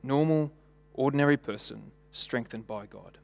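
A man's voice: mid-range voice, moderate pace, vocal fry, darkish tone. A man preaching a sermon in a church, conversational and full of rhetorical questions and stories. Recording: long hall reverb.

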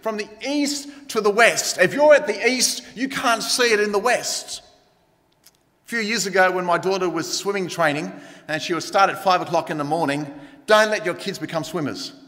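A man's voice: high voice, moderate pace, a bit bright. A middle-aged man preaching a sermon in a conversational way, turning to the congregation with asides. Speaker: pastor. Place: church hall. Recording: long church reverb.

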